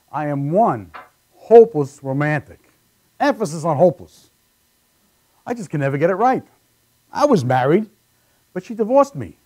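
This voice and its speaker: A man's voice: fairly high pitch, a little mellow. A man performing stand-up comedy, telling punchy one-liners on a live show.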